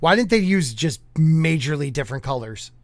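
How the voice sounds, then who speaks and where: A man's voice: fairly high pitch, animated, moderate pace, dry recording. A man hosting a podcast, joking casually and stumbling over words as he reads old newspapers aloud. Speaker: podcast host.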